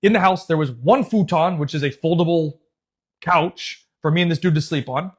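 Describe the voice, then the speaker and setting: A young man tells a story in a loose, slangy way, swearing freely and calling the listener bro. His voice sits a little high for a man. He talks like a coach venting to a friend. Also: moderate pace, husky. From United States. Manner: animated, swears a lot, says "bro" and "dude". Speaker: youth soccer coach and channel host. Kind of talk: casual storytelling.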